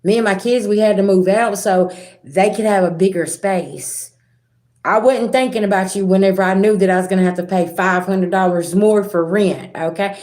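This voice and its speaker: A middle-aged woman, a spiritual reader talking casually and directly to her viewers in a rambling, animated way. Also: mid-range voice, normal speed. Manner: animated, rambling, talks straight to viewers with asides. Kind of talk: casual direct-to-camera talk.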